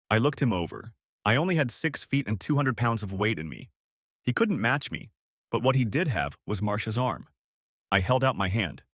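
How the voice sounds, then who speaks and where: A man's voice: medium pitch, animated, moderate pace, fairly bright tone, no echo, studio quality. A man narrating a first-person story for an audiobook, in a wry storytelling manner.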